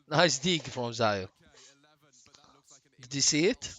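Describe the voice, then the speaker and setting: A man's voice: medium pitch, no echo. Man chatting on stream. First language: Arabic. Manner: relaxed, chatty, halting non-native English. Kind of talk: casual live-stream chat.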